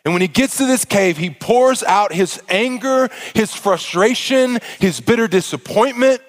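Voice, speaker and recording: A man preaching a sermon as pastor, impassioned, with stammering restarts and swings from hushed to loud. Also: high-pitched, expressive, a little slow.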